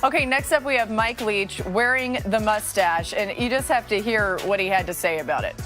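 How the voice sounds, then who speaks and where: Female studio host, cheerful segment leader; soft music underneath. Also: medium pitch, moderate pace. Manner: upbeat, laughing, leads segments. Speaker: sports talk show host. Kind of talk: hosting and segment introductions.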